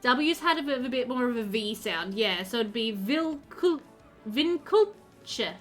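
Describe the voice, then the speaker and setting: A woman's voice: fairly high pitch, animated, moderate pace, a bit bright, soft background music. Chatty woman streaming a game. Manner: chatty, filler-heavy, answers chat while playing. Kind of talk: casual live-stream chat.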